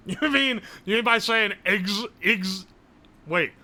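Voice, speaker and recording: A young man, chatting casually on a live stream, loud and joking, swearing often and laughing a lot. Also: high-pitched, animated, slow pace. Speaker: livestreamer.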